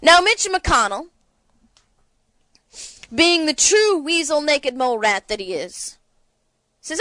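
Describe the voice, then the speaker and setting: A woman's voice: sits high, expressive, takes it slowly, long pauses, bright, forceful tone, dry recording. A woman hosting a political talk show, delivering sarcastic, indignant commentary.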